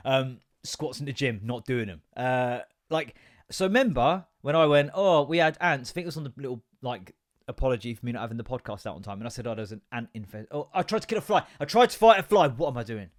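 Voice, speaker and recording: A man's voice: medium pitch, animated, quick pace. Young man, casual podcast chat, rambling, sweary, self-deprecating. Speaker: podcast host.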